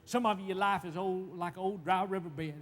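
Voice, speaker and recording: High-voiced stammering preacher. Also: male voice, fairly even intonation, fairly quick. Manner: stammering, repeats words, folksy plain grammar; emphatic, swinging between shouts and hushed tones. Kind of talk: sermon. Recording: long reverb, faint background noise.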